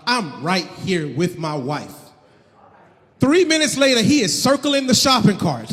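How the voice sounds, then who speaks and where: Brief: high-pitched, punchy male stand-up comic, live in a reverberant hall. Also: moderate pace. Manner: animated, loud, punchy. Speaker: stand-up comedian. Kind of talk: stand-up comedy. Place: live comedy venue. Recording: long hall reverb, faint noise.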